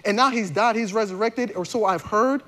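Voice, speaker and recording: A male pastor delivering a sermon in a relaxed, conversational style, with slangy turns of phrase. His voice sits high for a man, and he often restarts his sentences mid-thought. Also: a little fast.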